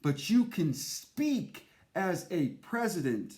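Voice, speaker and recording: Man, impassioned monologue, slow and emphatic, lively swooping pitch. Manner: intense, emphatic, repetitive. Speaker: speaker.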